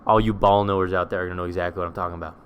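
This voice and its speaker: A man's voice: sits low, steady tone, racing, clean tone. A young man co-hosting a podcast, laid-back and jokey, full of slang in casual chat. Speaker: podcast co-host.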